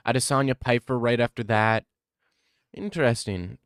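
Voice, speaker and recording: A man's voice: lowish voice, fairly even intonation, normal speed, clean tone, dry recording, clean studio sound. A young man streaming, chatting casually, joking, laughing and swearing freely.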